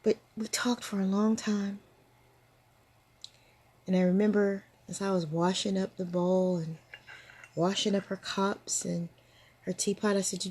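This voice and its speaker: A woman's voice: mid-range voice, little pitch movement, unhurried, long pauses, darkish tone, slightly rough. An older woman hosting, telling personal stories in a reflective way and laughing often. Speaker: storytelling host. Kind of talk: personal storytelling to camera.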